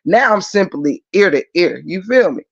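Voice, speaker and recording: A man hosting a livestream, talking casually and in an animated, preachy way straight to his viewers. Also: sits high, moderate pace, creaky. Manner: animated preachy talk, addresses viewers directly. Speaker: livestream host. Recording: muffled lo-fi stream audio.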